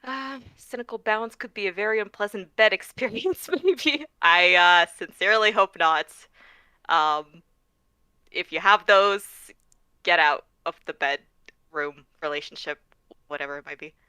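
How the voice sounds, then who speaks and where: Woman from Canada, bright clear voice, dry close sound, casual stream chat, lots of ums. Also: lowish voice, a little slow, no room sound. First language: not English. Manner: chatty and laughing, many fillers. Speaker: modding stream guest.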